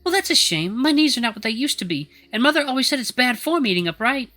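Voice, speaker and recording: A sweet, scatterbrained old she-wolf, as a man puts her on in a storybook reading, her voice pushed up high and sailing. She speaks in a genteel, dotty, grandmotherly way, with a bright tone and faint music behind. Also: sing-song, fast, full character voice. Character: frail ancient female wolf elder, sweet, scatterbrained.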